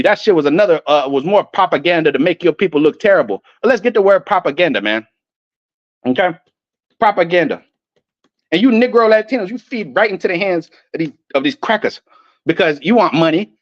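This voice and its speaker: A man's voice: high voice, no room sound, highs cut off. A man delivering an angry, profane, preachy rant to camera, quoting scripture between outbursts. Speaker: online street preacher. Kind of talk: ranting religious monologue.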